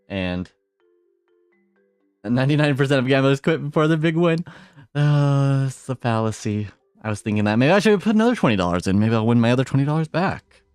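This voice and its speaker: Young guy on a live stream rambling thru a story, laughs a lot, clean smooth voice, dry sound. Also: mid-range voice, no room sound. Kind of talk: casual live-stream chat.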